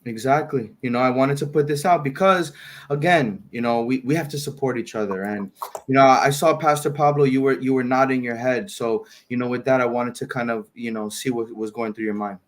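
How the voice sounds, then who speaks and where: A man's voice: medium pitch, fairly quick, a little hiss or hum. A man hosting a panel talk, thanking his guest and pointing viewers to support in a supportive, conversational way. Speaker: host.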